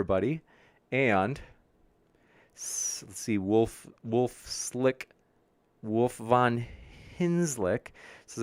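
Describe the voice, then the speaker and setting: Clean studio sound with no room echo carries a man's clear, resonant, medium-pitched voice. As host of a debate livestream, he reads out and responds to viewer chat in an upbeat, friendly way, fumbling some of the names.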